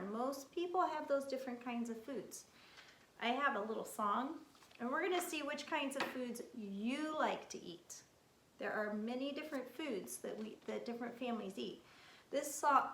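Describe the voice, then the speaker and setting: A woman's voice: fairly high pitch, a little hiss or hum. A woman teaching young children from picture cards, coaxing them with questions. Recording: echoey room.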